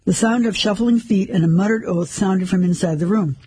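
A man narrating a first-person story in a measured, steady way. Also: high-pitched, husky, no room sound, poor audio.

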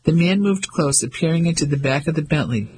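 A man reading a novel aloud in steady scripted narration. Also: fairly high pitch, brisk, slight background noise, rough recording. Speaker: audiobook narrator.

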